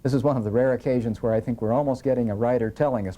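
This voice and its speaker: A man's voice: mid-range voice, fairly even intonation, very fast, warm tone. A man giving an earnest scripture lecture, reading verses aloud and telling listeners what to underline. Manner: earnest, instructive, reads verses with rising emphasis.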